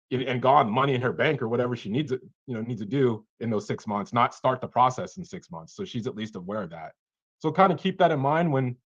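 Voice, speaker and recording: An animated man coaches someone on cold calls during a video chat, playing out quick snippets of both callers and sellers. He has a mid-range voice, and the sound is lo-fi.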